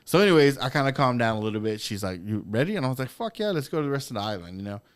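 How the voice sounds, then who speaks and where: A man on a podcast telling a story in casual, profane, animated talk with frequent laughs. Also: mid-range voice, rapid-fire, clear, resonant tone. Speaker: podcast guest.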